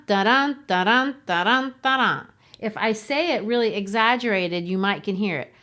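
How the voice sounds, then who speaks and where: A woman's voice: a little high, fairly bright tone. A woman who teaches, co-hosting a podcast in a casual, explanatory way and tapping out rhythms as she explains.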